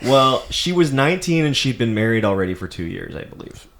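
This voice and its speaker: A man's voice: mid-range voice, very animated, brisk, vocal fry, fairly bright tone. A man, a comedian guest on a casual podcast, telling candid, profane stories.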